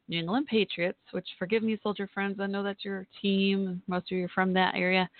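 Woman, Southern accent, from Texas, friendly talk show host, chatty, gravelly, tinny phone-line sound. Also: medium pitch, no echo. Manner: chatty, friendly, laughs often. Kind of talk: casual call-in show chat.

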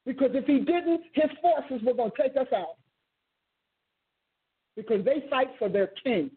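A woman's voice: sits high, animated, a little slow. A woman preaching a sermon with passion, repeating and rephrasing her words and breaking into sudden exclamations. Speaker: preacher and teacher. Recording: tinny phone-like sound.

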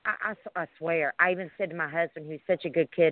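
A woman's voice: sits low, steady tone, fast, no echo. A middle-aged woman calling in to a radio show, recalling things in an earnest, rambling way. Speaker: caller. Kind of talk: call-in radio talk. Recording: dry, tinny phone line.

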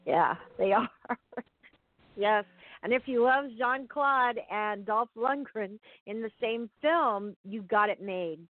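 A woman's voice: on the high side, takes it slowly, no echo. A woman hosting a casual chat about films, chatty and often searching for words. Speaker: podcast host. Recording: tinny phone-like sound.

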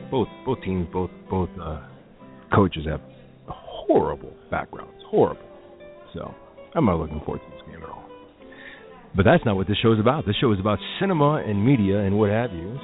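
A man hosting a film talk show, speaking casually and with strong opinions, rambling through asides. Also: low voice. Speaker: podcast host. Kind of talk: casual solo radio talk. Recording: tinny phone-like lo-fi audio with faint music.

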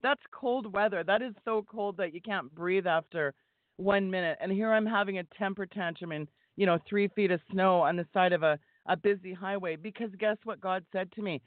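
A woman's voice: mid-range voice, normal speed, dry recording. Fervent woman preaching over a phone line. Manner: emphatic, exhorting. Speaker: guest. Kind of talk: fervent preaching-style talk. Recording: tinny phone line, dry.

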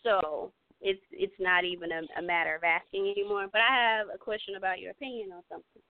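A woman hosting a casual radio chat, animated and playfully switching voices. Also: mid-range voice, fast talker. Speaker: show host. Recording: tinny phone-line sound.

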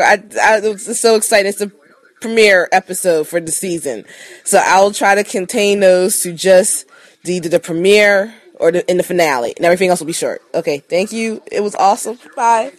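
A woman giving a casual, gushing recap of a TV episode, excitable and sleepy, repeating herself as she talks. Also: mid-range voice, normal speed, dry recording. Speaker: podcast contributor.

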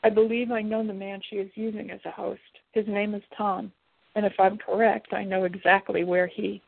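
A woman's voice: mid-range voice, flat delivery, moderate pace, gravelly, dry recording. Jake, a resolute male demon, read by a woman. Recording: tinny phone-like, dry.

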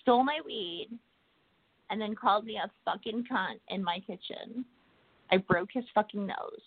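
A woman's voice: mid-range voice, normal speed, breathy edge, no room sound. A woman telling a heated story in casual chat, swearing a lot. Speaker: podcast co-host. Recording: dry tinny phone-like audio.

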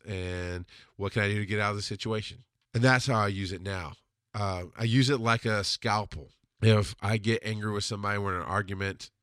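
A man hosting a podcast, talking through listener questions in a blunt, intense way, swearing freely and slowing down hard on the points he wants to land. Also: fairly low pitch, fairly bright tone, no room sound, studio quality. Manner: emphatic, slows down on hard points. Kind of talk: casual monologue.

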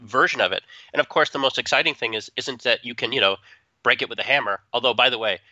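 A man with a very bright, forceful voice talks in a casual, joking podcast chat full of quick asides. His voice sounds close and dry, with a slightly dull, muffled tone. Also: medium pitch, no echo. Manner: animated, joking, trails into asides. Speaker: podcast co-host.

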